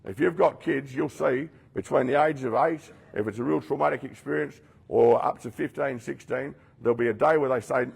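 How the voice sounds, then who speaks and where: Man, very gravelly and husky, blunt rehab speaker who calls out his listeners directly. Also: medium pitch, a little fast, hardly any pauses. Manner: blunt, addresses listeners directly, acts out quoted voices. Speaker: rehab program leader speaking to residents. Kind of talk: confronting motivational talk.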